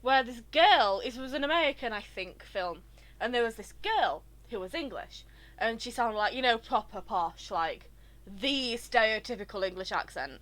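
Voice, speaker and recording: A woman streaming a video game, chatting in an excitable, rambling way. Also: on the high side, normal speed. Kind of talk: live game commentary.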